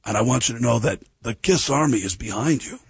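A man doing an impression of a famous rock star, speaking low, slow and self-important. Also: animated, creaky, slightly rough, no room sound, studio quality, exaggerated voice. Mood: smug, friendly.

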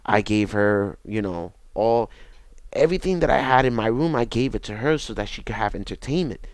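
A young man, telling his own story in a halting, repetitive, reflective way. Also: lowish voice, lively intonation, dry recording. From Bronx, New York. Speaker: interview guest. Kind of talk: personal testimony.

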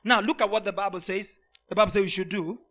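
A man preaches a sermon to his congregation, his voice sitting very high for a man. His tone is bright and forceful, and he repeats lines for emphasis. He jumps from loud, ringing shouts down to quiet, intimate asides. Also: fairly even intonation, quick pace. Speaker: pastor.

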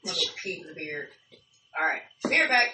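A woman, co-hosting a casual family radio chat, loud, foul-mouthed and joking. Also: fairly low pitch, sing-song, quick pace, very noisy. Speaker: radio show co-host. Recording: echoey room, mic at a distance.

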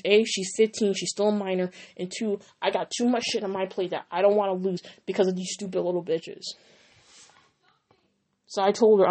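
A woman's voice: mid-range voice, darkish tone. A young woman recounts a personal falling-out in a casual storytime vlog. She talks heatedly and swears freely, acting out the lines she and her friends said. Her voice sits in a medium range. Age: young adult. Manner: heated, profane, emphatic retelling with quoted dialogue.

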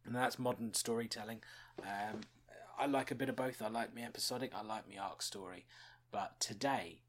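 Chuckling often and using fillers, a man muses chattily about a TV episode as he hosts his podcast. He speaks at a moderate pace in a lowish voice, and the recording has a little hiss or hum.

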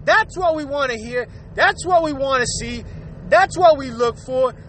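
Vlogger, man, unusually high voice, blunt and profane, lectures the viewer straight on. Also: expressive, measured pace, fairly bright tone, a little hiss or hum. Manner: blunt, profane and preachy, with frequent "all right?" asides. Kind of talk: ranting advice monologue.

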